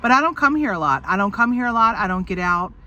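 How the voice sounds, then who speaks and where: A talkative woman chats to her phone camera from a car, full of jokes and loose swearing. She's sick and fighting a cough. Her voice is bright and forward, with faint background noise. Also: medium pitch, big pitch swings, fast. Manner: chatty, joking, swears freely, frequent laughs. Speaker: vlogger. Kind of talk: casual chat to camera. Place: inside a car.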